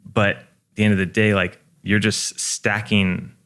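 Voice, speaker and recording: A man's voice: on the low side, flat delivery, measured pace, a bit bright. A young man, a guest, chatting casually on a podcast in a laid-back, profane way full of fillers.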